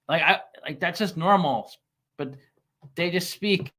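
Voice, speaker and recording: A man hosting a casual stock commentary channel, talking with halting restarts and plenty of fillers. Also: a little high, pushed and bright. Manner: reads scam email aloud mockingly. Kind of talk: casual chat.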